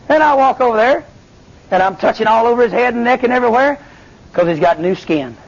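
Male preacher, high pitch, lively revival delivery, dull lo-fi recording. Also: a little fast. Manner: animated, calls to the congregation, Southern. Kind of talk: revival sermon with testimony.

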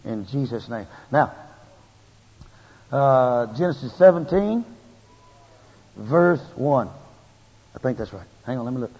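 A man preaching a sermon in a folksy, animated way, his emphasis rising and building as he goes. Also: medium pitch, takes it slowly, pauses often, husky. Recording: lo-fi tape with long hall reverb.

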